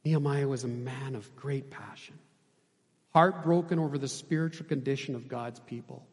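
A man preaching a sermon as pastor, impassioned, swinging between loud emphasis and hushed, quiet passages. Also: mid-range voice, moderate pace, in a large hall.

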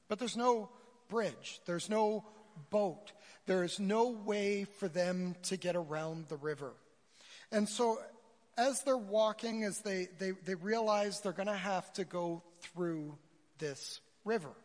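A man preaching a sermon to a congregation, retelling a story with a storyteller's flair. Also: sits high. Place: church sanctuary. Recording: church hall reverb.

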